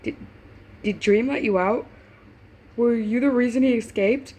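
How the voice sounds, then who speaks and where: A woman reading the lines of an excitable young father, a short brunette, loud and breaking into laughter mid-line. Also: a little high, unhurried, slight background noise, natural voice. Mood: anxious.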